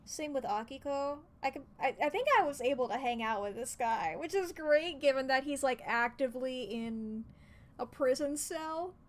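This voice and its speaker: A woman streamer chatting casually while she plays, excitable, laughing often and swearing freely. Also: sits high, normal speed. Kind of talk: casual gaming commentary.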